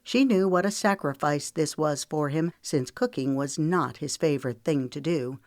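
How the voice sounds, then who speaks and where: A woman reading her own historical romance aloud with a steady, even storyteller's cadence. Her voice sits a touch low for a woman. The recording is dry and close, with no room echo. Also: moderate pace. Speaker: author narrating her novel. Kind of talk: audiobook narration.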